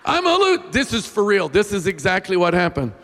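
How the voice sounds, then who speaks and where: A man preaching a sermon in a church, telling funny stories about himself in an animated, self-mocking way. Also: sits high, a little fast. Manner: animated, self-mocking, jumps into loud whiny voices. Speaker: pastor. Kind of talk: sermon with humorous storytelling. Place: church sanctuary. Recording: long reverb in a large hall.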